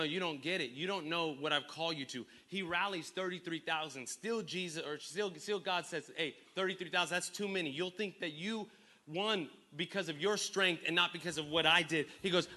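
A man preaching a sermon, leading the congregation in call-and-response and swinging from hushed lines to shouted ones. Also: fairly high pitch, normal speed. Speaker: pastor.

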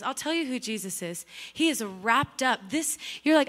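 Woman in her thirties, youth preacher, high bright voice, chatty and excitable, lots of fillers. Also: normal speed, few pauses. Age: 30s. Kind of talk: casual youth sermon.

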